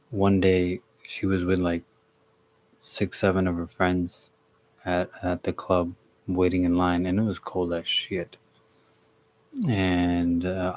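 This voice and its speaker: A young man telling a personal story to his live stream chat, halting and restarting often, with blunt casual swearing. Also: low voice, a little mellow, a little hiss or hum. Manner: halting, with many restarts and fillers.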